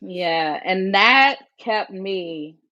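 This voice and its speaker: A woman talks earnestly in an interview, reflective and soft-spoken, her voice sitting in a middle range. The recording is dry and a little dull and lo-fi, with no room around her. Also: medium pitch, lively intonation, drawn-out words, no room sound. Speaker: guest. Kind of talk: conversational interview.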